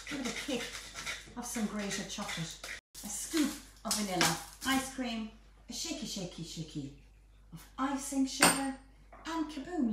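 Chatty woman in echoey kitchen. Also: fairly high pitch. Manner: chatty, playful, bubbly asides. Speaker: home baking host. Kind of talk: live cooking demonstration. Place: home kitchen. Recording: echoey kitchen, distant mic, faint noise.

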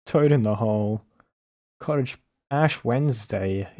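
A man's voice: mid-range voice, measured pace, mellow. A man streaming live, reacting to videos with incredulous, swearing, laughing commentary.

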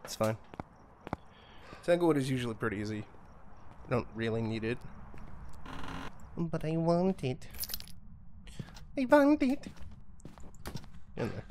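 A man's voice: medium pitch, lively intonation, moderate pace, pauses often, darkish tone, a little hiss or hum. A man streaming a ghost-hunting game, cursing freely and trash-talking the ghost while joking to himself and his chat. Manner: profane, trash-talks the ghost; jokey, talks to himself and chat. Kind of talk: live-stream gameplay commentary.

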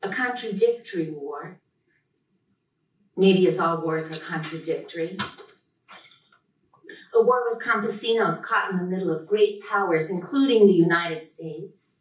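Slow, earnest woman in echoey hall. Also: on the low side. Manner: enthusiastic, heartfelt. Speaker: professor introducing a poet. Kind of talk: live event introduction speech. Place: lecture room at a reading. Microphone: podium mic. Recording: echoey hall, distant mic.

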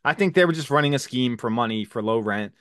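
A man's voice: medium pitch, fast, no room sound, studio quality. A man co-hosting a TV recap show, retelling scenes in casual chat, swearing and quoting characters. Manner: excited retelling, swears, acts out lines. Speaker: recap podcast co-host.

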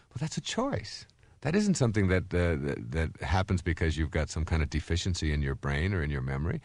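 A man in his fifties giving a recorded self-help lecture, telling stories in an animated way and acting out the voices he quotes. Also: a bass voice, a little fast, no room sound. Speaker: motivational speaker.

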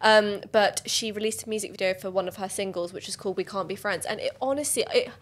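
A woman's voice: medium pitch, fast. A young woman, co-hosting a casual podcast chat in an enthusiastic, rambling way. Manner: enthusiastic, rambling, says "like" often. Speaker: podcast co-host.

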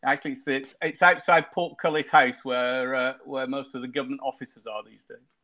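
Bright-voiced jokey host. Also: male voice, mid-range voice, steady tone, moderate pace. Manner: jokey, rambling with many restarts. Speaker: wargaming show host. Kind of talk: casual chat.

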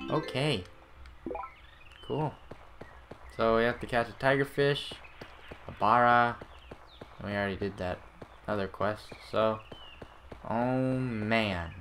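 A man's voice: on the low side, takes it slowly, pauses often, fairly bright tone, a little hiss or hum. A man hosting a casual let's-play, rambling with many fillers and restarts. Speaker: gaming channel host.

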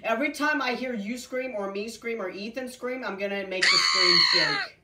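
A woman's voice: mid-range voice, normal speed. A woman hosting a game stream in casual chat, teasing her co-player and laughing often. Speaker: stream host. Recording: roomy, distant mic, noisy.

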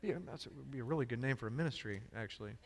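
A man's voice: medium pitch, rapid-fire, big-room sound. A man preaching a sermon as pastor, emphatic and full of rhetorical questions to the congregation.

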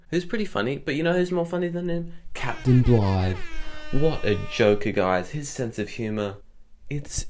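A man vlogging in a rambling, jokey way, going off on tangents. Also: lowish voice. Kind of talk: rambling casual vlog.

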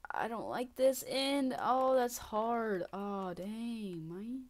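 A woman's voice: on the high side, expressive, slow pace. Gaming host, woman, casual play-by-play, mutters under her breath and then snaps into frustrated outbursts. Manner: mutters and whispers to herself, with sudden frustrated outbursts. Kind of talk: casual gameplay commentary.

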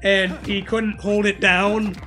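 A young man chatting casually over a video game, telling a rambling, halting story with crude jokes. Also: high voice, level tone. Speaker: gaming co-host. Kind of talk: casual chat over gameplay. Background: game music.

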